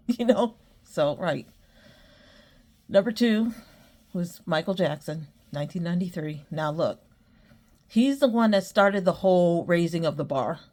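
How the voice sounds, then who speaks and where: A woman hosts her own podcast, chatting casually on her own and rambling with lots of fillers and frequent giggles. Her voice is fairly low and very animated, and she takes her time, leaving long pauses.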